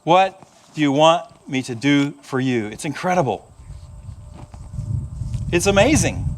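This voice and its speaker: A pastor with a high voice preaches a sermon through animated storytelling, acting out the voices of the people in his stories.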